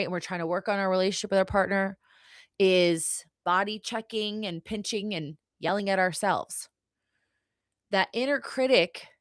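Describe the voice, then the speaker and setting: Lower-voiced woman coaching on a live stream. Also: no room sound, studio quality. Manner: conversational, frequently checks in with "right?" and "okay?". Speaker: podcast host and mindset coach. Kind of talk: live-stream teaching talk.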